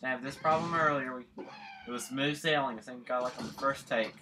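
A man's voice: medium pitch, fast, background noise. A man doing let's play commentary, rambling and talking to himself while he plays. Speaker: gaming channel host.

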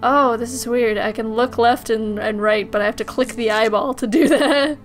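Giggly high-voiced woman gamer. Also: fairly even intonation, moderate pace, soft background music. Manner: giggly, joking. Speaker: gaming channel host. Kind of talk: let's play commentary.

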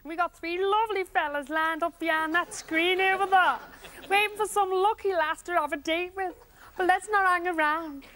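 A woman's voice: very high voice, normal speed, fairly bright tone, a little hiss or hum, pitched above the performer's own voice. A woman impersonating a cheeky Liverpool dating-show host who runs her words together, in a comedy sketch. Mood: cheery.

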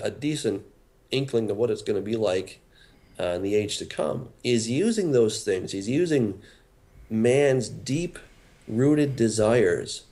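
A man's voice: medium pitch, dark tone. A man, a pastor and author, talking earnestly as a radio interview guest, often repeating words as he starts a thought.

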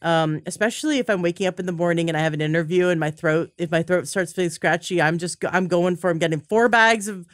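A woman's voice: fairly low pitch, fast talker, hardly any pauses, no echo. Enthusiastic host woman, dry close sound. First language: not from the States, accent shows on some words. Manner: enthusiastic, restarts often, stammers. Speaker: podcast host. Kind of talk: casual interview chat.

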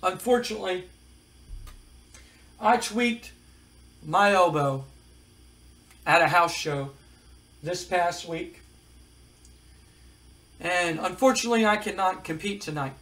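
A man's voice: sits high, expressive, slow, pauses often, fairly bright tone, exaggerated voice, poor audio. A man voicing a vain young male wrestler who smugly excuses himself from a match.

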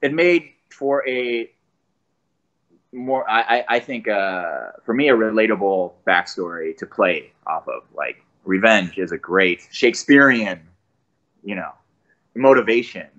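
Enthusiastic man with a bright edge. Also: lowish voice, unhurried, muffled recording. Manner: enthusiastic, animated storyteller. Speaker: voice actor guest. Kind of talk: casual podcast interview.

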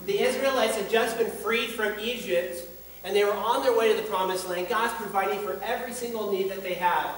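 A man teaching the Bible as a preacher, speaking earnestly and emphatically, slowing down on key lines. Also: high-pitched, fairly bright tone, roomy sound, a little hiss or hum, low-quality recording.

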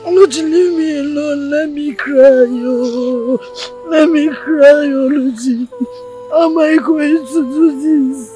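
A high, tearful voice with a Nigerian accent, a young woman sobbing in despair. Soft music plays faintly behind her in this film scene. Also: slow pace, poor audio. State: crying.

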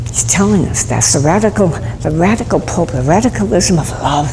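A woman with a lowish, gravelly voice preaches through stories, lively and emphatic. The sound is a hall recording with a long reverb tail. Faint room noise sits behind her. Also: moderate pace, hardly any pauses. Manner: animated storyteller, bursts of emphasis. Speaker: Catholic nun giving a talk at a school. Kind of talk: storytelling sermon.

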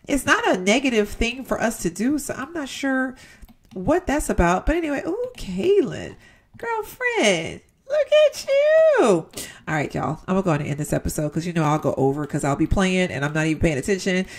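A young woman chats through her gameplay, addressing her viewers directly and reacting out loud to each moment. Her pitch rises and falls a great deal, giving her talk a lively, animated swing. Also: fast, slightly rough. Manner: chatty, talks to viewers as "y'all", exclaims at the game. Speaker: gaming YouTuber. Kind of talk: casual let's-play commentary.

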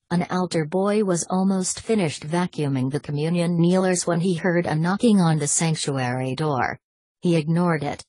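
Low, husky woman reading an audiobook. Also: a little mellow, no echo. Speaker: audiobook narrator. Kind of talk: audiobook narration.

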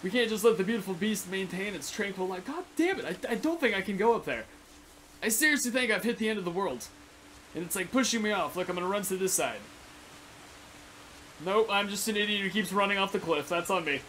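A young man giving casual, excitable commentary on his video game, rambling, swearing and yelping at sudden danger. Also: high-pitched, fairly quick, a little hiss or hum. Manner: chatty rambling to animals in the game. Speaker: gaming channel host. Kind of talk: Let's Play commentary.

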